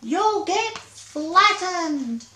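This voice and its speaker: A woman doing a high, urgent little swamp monster. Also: measured pace, a little mellow, reverberant, lightly acted. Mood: pleading. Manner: urgent, breathless cries. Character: brave, anxious young female swamp monster. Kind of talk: children's story read-aloud.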